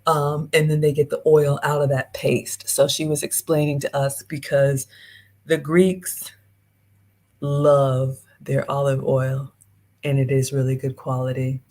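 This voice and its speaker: A woman with a low voice hosts a live-streamed travel vlog. She chats casually, straight to her viewers, and greets them by name as she reads out their comments. Her tone is mellow and relaxed. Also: measured pace. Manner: chatty, talks straight to viewers and reads out chat. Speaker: host.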